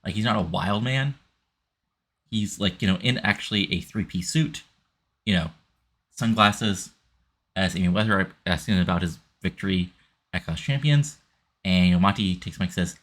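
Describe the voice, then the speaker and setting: A man's voice: deep voice, moderate pace, pauses often, fairly bright tone. A man casually narrating a wrestling sim game, rambling with lots of fillers.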